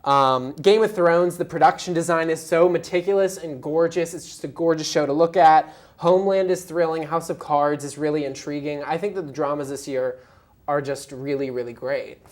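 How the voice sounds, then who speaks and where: A woman's voice: sits low, moderate pace, a little mellow. A young woman co-hosting a casual entertainment talk show, gushing with lots of "like" and "just". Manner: bubbly, gushing, filler-heavy. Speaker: co-host.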